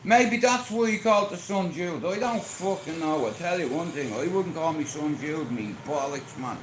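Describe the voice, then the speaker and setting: A man's voice: on the high side, animated, moderate pace, few pauses. A middle-aged Irish man hosting a podcast, telling rambling anecdotes in a blunt, foul-mouthed way. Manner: blunt, swears constantly, tells rambling anecdotes. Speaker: podcast host. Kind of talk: casual storytelling chat. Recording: echoey room with background noise.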